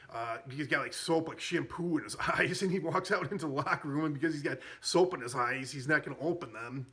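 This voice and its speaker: A man's voice: fairly high pitch, a bit bright. A man casually recapping a comedy film, rambling and amused, with frequent fillers and self-corrections. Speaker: movie reviewer.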